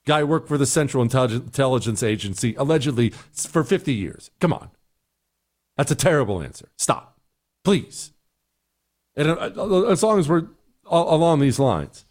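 Here the same kind of middle-aged talk show host speaks at medium pitch with big swings, a moderate pace, and a slightly mellow tone. Replying to listener emails, he offers blunt, exasperated takes and mocks the voices in his quotes.

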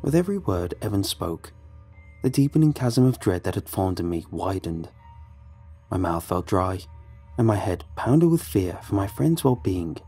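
A man reading a horror story aloud as a scripted narration, with measured, tense storytelling. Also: low voice, very animated, mellow, breathy edge, faint music behind.

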